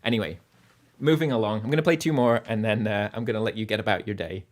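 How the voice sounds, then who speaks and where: A man with a Lancashire English accent softened by North American sounds, chatting casually and rambling between songs as a livestream musician host. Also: fairly low pitch, fast. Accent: Lancashire English, partly North American. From Burnley, England. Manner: rambling and chatty, with many fillers.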